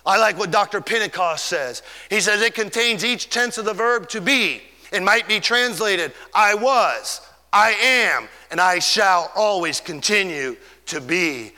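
A man preaching a fervent sermon, stretching key words and swinging between loud and soft. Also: high voice, lively intonation, measured pace, big-room sound.

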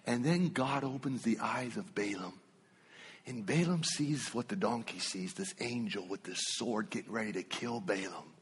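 Husky preacher man in a reverberant hall. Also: lowish voice, moderate pace. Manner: animated storytelling, swinging from loud to hushed. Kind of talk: sermon. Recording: long reverb of a church hall.

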